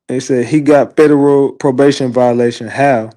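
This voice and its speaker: A man hosting an online show, giving casual livestream commentary in an animated, profane, laughing storyteller's way. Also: medium pitch, normal speed.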